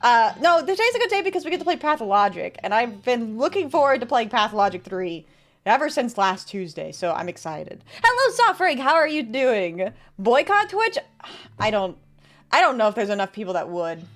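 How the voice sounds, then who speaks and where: A woman's voice: on the high side, big pitch swings, normal speed. A woman streamer chatting casually with her viewers, sarcastic and laughing often. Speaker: VTuber streamer. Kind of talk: casual stream chat reading viewer messages.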